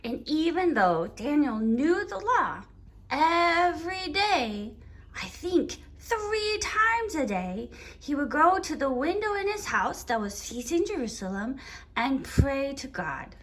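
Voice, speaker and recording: A woman teaching Sunday school, telling a Bible story to children in an animated, playful way. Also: high-pitched, slow.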